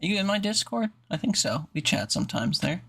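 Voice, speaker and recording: Gravelly, bright-voiced male streamer. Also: sits high, very animated, brisk, soft background music. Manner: rambling, jokey, makes mouth sound effects. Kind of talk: casual live-stream chat.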